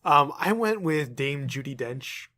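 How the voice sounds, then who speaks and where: A young man co-hosting a podcast, talking in a relaxed, hesitant way full of ums. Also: fairly high pitch, unhurried. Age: young adult. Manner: laid-back, hesitant with many ums. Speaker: podcast co-host. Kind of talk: casual chat.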